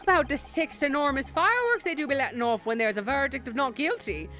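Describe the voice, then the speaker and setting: A woman with a high, expressive, fairly bright voice speaks quickly as she plays a boastful middle-aged Irish tycoon, using a hammy put-on Irish brogue with lilting rises. The mood is jovial and boastful, and faint game music plays behind her.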